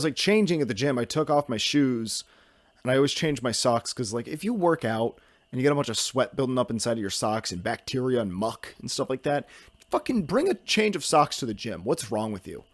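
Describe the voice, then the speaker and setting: A young man rambles through a solo podcast in a goofy, self-mocking way, hopping from one topic to the next. His pitch swings widely as he talks. The sound is dry and close, with no room around it. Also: expressive, a little fast, no room sound. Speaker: podcast host.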